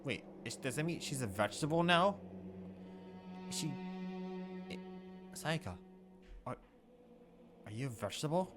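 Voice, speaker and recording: A man's voice: on the high side, expressive, moderate pace, pauses often, music in the background. A man streaming a video game with casual commentary, swearing in exasperated outbursts. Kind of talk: casual let's-play commentary.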